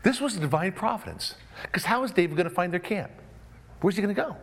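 Animated male preacher acting out scenes. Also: high-pitched, fairly quick, creaky. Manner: animated, acts out voices of the story; restarts and repeated words. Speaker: pastor. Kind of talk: sermon.

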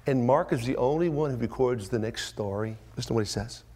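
Man, pastor, sermon, whispers then shouts, acts out quotes. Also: brisk. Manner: swings from hushed whispers to loud, high-pitched emphatic rises; acts out quoted voices with strong pitch jumps. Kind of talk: expository sermon.

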